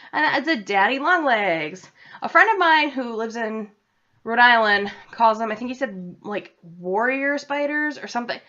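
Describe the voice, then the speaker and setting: A woman's voice: on the high side, sharp tone. A young woman from central Massachusetts with a New England accent, chatting and rambling casually to her laptop camera in a self-deprecating way. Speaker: vlogger. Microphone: laptop webcam. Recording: dull lo-fi laptop audio.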